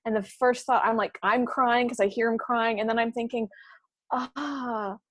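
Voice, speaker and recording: A woman with a fairly high voice tells a story in a loose, comic way on a podcast. She slips into little quoted asides that voice her own thoughts. The sound is dry and close, with no room around her. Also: fairly even intonation, brisk, a bit bright, no room sound. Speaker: podcast guest. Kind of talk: casual comedic storytelling.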